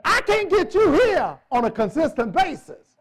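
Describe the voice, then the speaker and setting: A man's voice: extremely high pitch, sing-song, normal speed. A male pastor preaching a sermon in a church, emphatic, repeating phrases and joking with the congregation.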